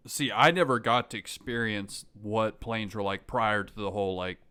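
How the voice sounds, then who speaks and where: A young man co-hosting a casual podcast, his voice bright and crisp. He gets animated, acting out scenes and breaking into laughter. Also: fairly low pitch, moderate pace. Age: young adult. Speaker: podcast co-host. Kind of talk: casual chat.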